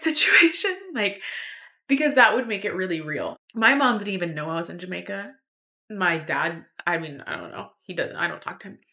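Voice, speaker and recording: A woman's voice: mid-range voice, pushed and bright. A young woman telling a personal story on her podcast, rambling with lots of fillers and restarts. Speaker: podcast host.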